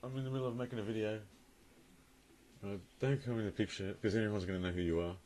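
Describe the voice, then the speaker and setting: A man's voice: lowish voice, fairly even intonation, fast, darkish tone, slight background noise. A young man telling a crude story to his camera at home, rambling and laughing often as he talks. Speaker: vlogger. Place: room at home, indoors.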